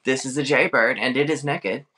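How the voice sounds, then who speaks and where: A man's voice: medium pitch, normal speed, sharp tone. A man, a podcast guest talking casually in rambling digressions and laughing often. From American South. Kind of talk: casual chat.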